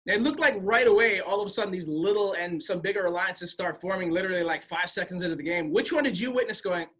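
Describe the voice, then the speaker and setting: A man hosting a radio interview, asking his guest questions with eager fan excitement. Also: high voice, quick pace, hardly any pauses. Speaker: radio host.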